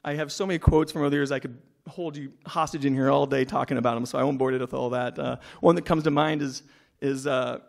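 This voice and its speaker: A man speaks quickly at a school breakfast, in a gravelly voice. He rambles in a conversational way and keeps reaching for homespun comparisons. His pitch is middling. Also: fairly even intonation. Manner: rambling and conversational, full of "you know" and homespun analogies. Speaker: alumnus giving a speech. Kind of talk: informal speech at a breakfast event.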